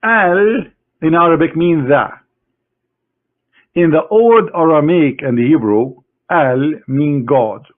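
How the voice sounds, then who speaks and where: A man giving a combative screen-share lecture in mocking, halting English as an online debater. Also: on the high side, expressive. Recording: tinny phone-like online audio.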